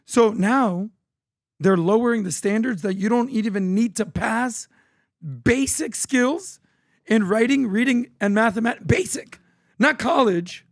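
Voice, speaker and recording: High-voiced excitable male podcast storyteller. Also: normal speed, no echo, studio quality. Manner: energetic, acts out quoted people. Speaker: podcast co-host. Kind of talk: animated storytelling chat.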